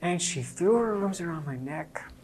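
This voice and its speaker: Animated male preacher telling a story. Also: fairly high pitch, moderate pace, a little hiss or hum. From Jewish believer speaking to a congregation. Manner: storytelling, animated, rising to emphatic peaks. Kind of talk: sermon with personal story.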